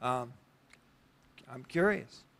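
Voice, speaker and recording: A middle-aged man leading an interactive church Bible study, talking conversationally with questions to the congregation and halting restarts. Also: mid-range voice, animated, fairly bright tone.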